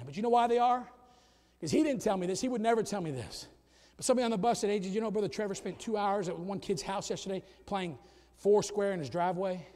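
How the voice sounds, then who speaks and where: A middle-aged man preaches from the pulpit in a high, ringing voice. His sermon swings from soft, chatty asides to loud, shouted climaxes. The sound carries a long reverb from a large church hall. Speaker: pastor. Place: church sanctuary.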